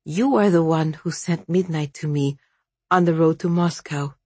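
A woman voicing a stubborn young heroine in a storybook reading, speaking earnestly and challenging, somewhat higher than her low narrating voice. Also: normal speed, darkish tone, breathy edge, no room sound. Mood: defiant.

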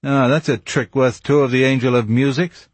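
A man voicing a self-satisfied police commissary who questions briskly and pointedly. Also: mid-range voice, steady tone, no echo, voice pushed up, close to an everyday voice.

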